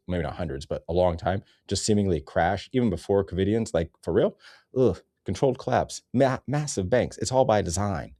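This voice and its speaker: A man's voice: deep voice, warm tone, dry recording, clean studio sound. A man ranting in a sarcastic, rambling comedy commentary, cursing often.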